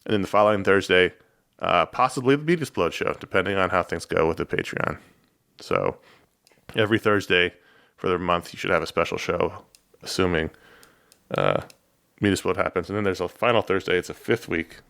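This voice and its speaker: Low-voiced easygoing male podcast co-host. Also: fairly quick, vocal fry, fairly bright tone. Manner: easygoing, teasing. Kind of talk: casual chat.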